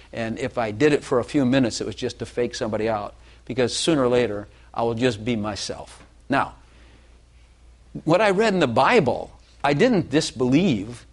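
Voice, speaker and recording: An older man speaks in a plain, mid-pitched voice as he gives a personal testimony. He is earnest and self-deprecating. He often stops and restarts his phrases. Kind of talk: confessional testimony talk.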